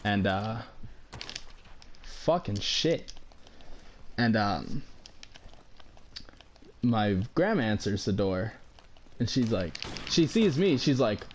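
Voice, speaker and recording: A man's voice: lowish voice, lively intonation, slow pace, pauses often, a little hiss or hum. A young man telling a story in a casual, rambling way, filling his talk with "like" and the odd swear word. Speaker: vlogger.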